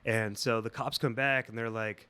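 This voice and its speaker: A man's voice: fairly low pitch, moderate pace, clean tone. A man guesting on a podcast, telling a story in casual, rambling, swear-heavy talk. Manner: profane, rambling, animated.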